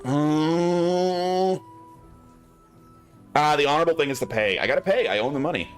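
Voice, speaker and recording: A man's voice: a little high, moderate pace, soft background music. A man streaming a video game, giving casual commentary and chatting aloud to his viewers. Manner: chatty, musing aloud to chat.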